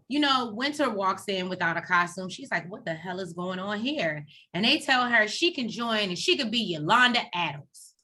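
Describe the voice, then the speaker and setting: A woman co-hosting a casual TV recap, retelling scenes in a chatty way and acting out the people in them. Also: medium pitch. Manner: chatty, animated retelling with quoted voices. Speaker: co-host of a TV recap show.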